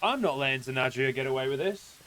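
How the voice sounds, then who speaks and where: A man's voice: medium pitch, expressive, quick pace, pushed and bright, a little hiss or hum. A man streaming a fantasy video game, chatting casually about the fights and reading the on-screen text aloud. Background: game music.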